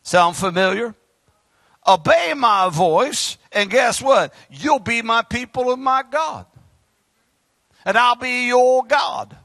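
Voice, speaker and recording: A male Southern US preacher with a high, bright, strongly swinging voice. He shouts some lines and drops into quiet asides, and the sound is dry and close. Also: animated, slow pace, no room sound. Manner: preaching with loud outbursts and sudden quiet asides. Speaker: pastor. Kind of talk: fiery sermon. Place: church sanctuary.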